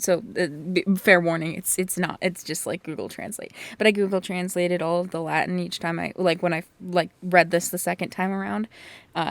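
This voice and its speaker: A woman's voice: mid-range voice, no echo. A woman reading a novel aloud casually, chatty and swearing, often tripping over words and starting again. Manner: chatty, swears, stumbles and restarts. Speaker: podcast host reading aloud. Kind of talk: casual book reading with commentary.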